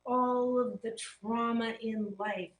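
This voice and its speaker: A woman's voice: on the high side, steady tone, slow pace, a little hiss or hum. Earnest woman coach in a roomy studio. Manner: earnest, emphatic, playful with mild swear substitutes. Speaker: host, happiness coach. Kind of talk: motivational talk show monologue.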